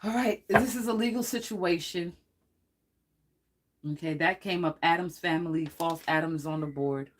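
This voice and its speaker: During a casual livestream, a psychic gives a tarot reading in a medium-pitched voice at a moderate pace. The reader rambles excitedly, laughing and cursing often.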